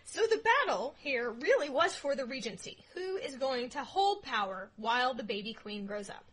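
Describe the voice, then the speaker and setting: A woman with a high, bright voice co-hosting a relaxed history podcast. She tells the story with playful asides and sudden loud jokes, and her tone has a husky edge. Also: normal speed, low-quality recording. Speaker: podcast co-host. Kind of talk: casual history podcast chat.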